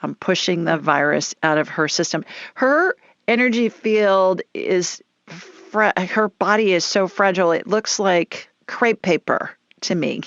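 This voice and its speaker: A woman's voice: lowish voice, a little slow, hardly any pauses, fairly bright tone, dry recording, highs cut off. A woman hosting a psychic call-in radio show, chatty and down-to-earth, with folksy phrases. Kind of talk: call-in show, casual and reassuring.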